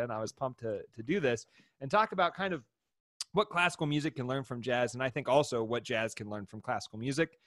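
A man's voice: mid-range voice, no room sound, studio quality. A man hosting a podcast from home in casual chat, upbeat and joking, laughing often. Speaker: podcast host. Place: home, indoors.

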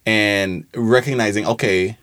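A young man from Trinidad reflects aloud in a roundtable conversation. His voice sits low and close, with a dry sound, and he often restarts a phrase before finding it. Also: steady tone, measured pace, fairly bright tone, no room sound. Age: young adult. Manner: thoughtful, restarts phrases, many "like" fillers. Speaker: alumnus guest.

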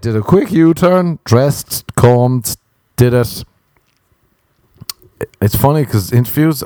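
A young Irish man doing a comic monologue on a podcast, swearing freely and mocking himself in an animated rant. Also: fairly low pitch, no room sound.

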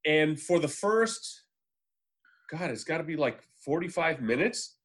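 A man's voice: a little high, expressive, unhurried, fairly bright tone. A man talking casually about films, rambling with many fillers, restarts and casual swearing. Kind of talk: casual chat.

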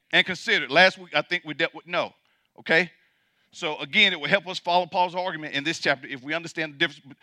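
A man preaches a sermon in a high, very bright voice. He drives his points home with emphatic repetition and shifts between loud declarations and hushed asides. The sound is close and dry. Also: no room sound. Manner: emphatic, repeats points for the congregation. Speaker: pastor.

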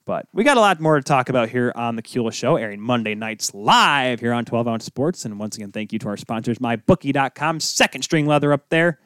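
Young male host, mid-pitched, dry close sound, rambling and jokey. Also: animated, a little fast, few pauses, a bit bright, clear, resonant tone, no room sound. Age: young adult. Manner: rambling, self-interrupting, jokey asides. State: tired from little sleep. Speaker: podcast host. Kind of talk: casual solo sports talk.

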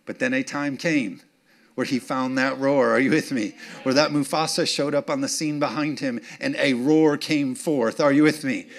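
A male pastor delivering a sermon in a mid-pitched voice. He talks straight to the congregation, checks that they are following, and builds to punchy, emphatic points. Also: steady tone, normal speed. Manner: call-and-response, keeps checking in with the congregation; rises to emphatic, punchy declarations.

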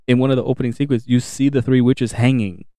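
A man's voice: mid-range voice, flat delivery, fast, mellow, no room sound, clean studio sound. A man co-hosting a podcast in casual chat, ranting animatedly and swearing freely. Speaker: podcast co-host. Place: home podcast setup.

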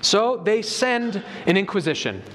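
High-voiced preacher in a reverberant hall. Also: male voice, big pitch swings, a little slow, a bit bright, slight background noise. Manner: emphatic, expository, reads scripture aloud. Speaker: pastor. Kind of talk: sermon.

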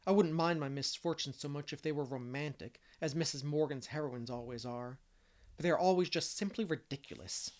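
A man's voice: fairly high pitch, lightly acted. A man voicing an imaginative, talkative young girl who speaks earnestly and fancifully.

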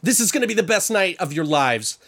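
A man voicing an excited wedding coordinator, gushing with enthusiasm. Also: sits high, brisk, vocal fry, pitched above the performer's own voice, full character voice.

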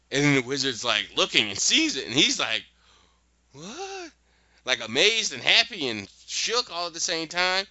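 Male podcast host, casual recap, lively storyteller, sharp bright tone, dry lo-fi sound. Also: medium pitch, no echo. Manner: animated storyteller with quick asides.

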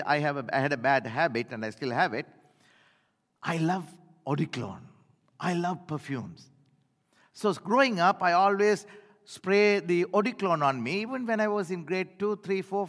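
An older man preaching a sermon in a church, telling stories and swinging from loud declarations to hushed lines. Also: on the high side, big-room sound. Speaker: pastor.

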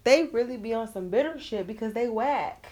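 A woman co-hosting a podcast in casual chat, blunt and profane, ranting fast. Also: fairly high pitch, a little mellow. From Puerto Rican side. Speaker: podcast co-host.

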